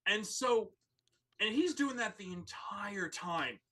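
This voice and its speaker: Animated, bright-voiced storyteller. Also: mid-range voice, slow, poor audio. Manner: animated storyteller with lots of "like" fillers. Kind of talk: casual podcast chat.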